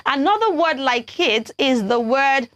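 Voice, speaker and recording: Nigerian woman, young, children's TV teacher, high bright voice, dry close sound, coaxing and lively. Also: a little slow, no echo. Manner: animated, coaxing, spells words letter by letter. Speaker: children's TV presenter. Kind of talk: teaching English pronunciation to children.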